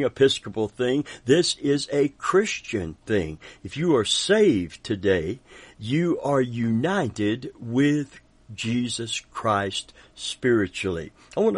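A male pastor delivers a sermon at an unhurried, deliberate pace, his voice sitting fairly low. He preaches fervently, dropping in amens and little chuckles. The sound is dry and close, with no room echo.

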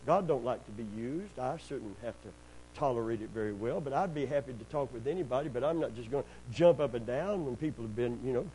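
A middle-aged pastor, preaching in a folksy storytelling way, sprinkling in amens and praise God, and rising loud and high when he gets worked up. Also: expressive, fast talker, a little hiss or hum, rough recording. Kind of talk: sermon.

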